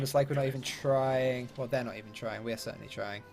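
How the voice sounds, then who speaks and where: A man's voice: medium pitch, steady tone, fast talker, gravelly, hardly any pauses, a little mellow, faint music behind. A man giving chatty, upbeat let's-play commentary with British slang and mild swearing. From London, England. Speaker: gaming YouTuber.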